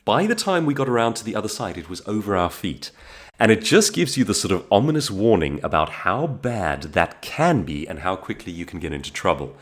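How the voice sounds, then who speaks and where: A man's voice: lowish voice, a little fast. A man from South Africa with a South African accent, telling stories in a casual monologue to camera with frequent restarts. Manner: animated storytelling with frequent restarts. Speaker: vlogger.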